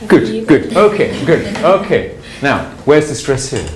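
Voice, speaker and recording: Classroom teacher, emphatic drilling, lively swinging pitch, students audible around. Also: measured pace, crowd noise. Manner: drilling, emphatic model phrases.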